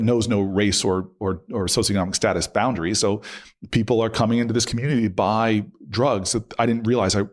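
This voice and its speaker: Interview guest: man in his forties, fairly low voice, casual and lively storytelling with laughter. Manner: animated storyteller, laughs often, restarts sentences.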